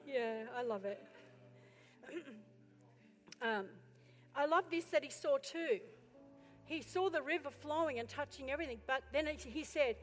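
A woman pastor delivers a sermon in a church. Her voice sits high and climbs to loud, urgent exhortation, and between those passages she drops to chatty questions for the congregation. Her voice rings out in a reverberant hall with faint music behind it. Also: a little slow, long pauses. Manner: impassioned, builds to loud exhortation.

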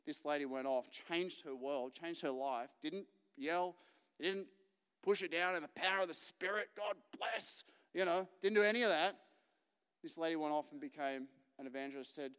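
A man preaching a lively, joking sermon full of anecdotes. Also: a little high, clean tone. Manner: chatty, joking, acts out quotes. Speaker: pastor. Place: large church hall. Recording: live church recording with long reverb.

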